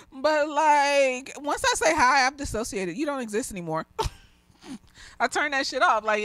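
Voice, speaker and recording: A woman's voice: medium pitch, fairly bright tone, no echo. A woman who is a therapist, slightly tipsy, talking bluntly and with lots of swearing in a casual video review, swinging between ranting and gushing.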